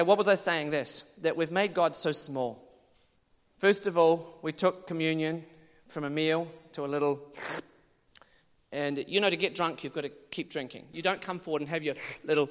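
A man preaching a sermon, telling his own testimony in an animated way, moving from hushed passages to loud ones. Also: fairly high pitch, normal speed. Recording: long church reverb.

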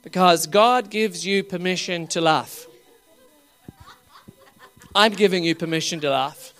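A man's voice: high voice, unhurried, clean tone, faint music behind. Laughing charismatic male preacher. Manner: laughing often, coaxing the crowd; rising to loud bursts.

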